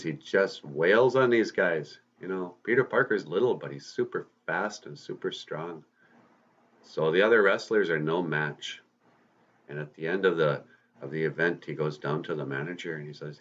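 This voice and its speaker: A man's voice: sits low, moderate pace, a bit bright. A man hosting a podcast, telling a story to kids in a casual, folksy, chatty way. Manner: folksy, chatty, addresses listeners. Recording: dull lo-fi recording.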